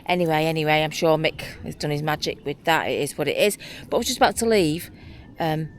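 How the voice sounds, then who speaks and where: A woman vlogs casually from her allotment, rambling and getting excited over her plants. Her voice sits a little low for a woman. A clip-on mic picks her up outdoors over a faint background hiss. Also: fast. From England. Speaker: allotment vlogger. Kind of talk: casual chat to camera.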